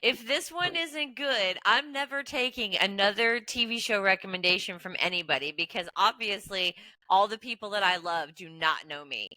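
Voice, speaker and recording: Bright-voiced, blunt woman podcast co-host. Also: medium pitch, lively intonation, moderate pace, poor audio. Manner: blunt, sarcastic, laughs often. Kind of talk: casual chat.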